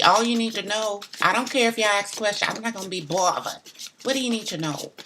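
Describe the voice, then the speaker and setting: Over some background noise, a tarot reader with a lowish voice chats on her live stream. She addresses viewers directly in a loose, blunt way and drops the occasional mild curse word.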